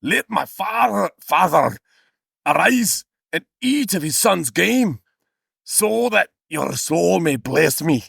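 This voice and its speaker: A man's voice: high-pitched, animated, slow, vocal fry, fairly bright tone, slightly rough, dry recording, studio quality, pitched above the performer's own voice, full character voice. A man voicing a grown hunter son pleading with his father, with a mock Scottish lilt and an overwrought reading manner. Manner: theatrical, overwrought scripture reading. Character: aggrieved adult male hunter, pleading son.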